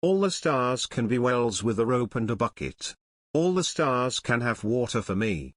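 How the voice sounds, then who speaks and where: A man reading as a gentle little boy prince. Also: medium pitch, sing-song, moderate pace, no echo, studio quality. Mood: quiet. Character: gentle small boy prince from another star.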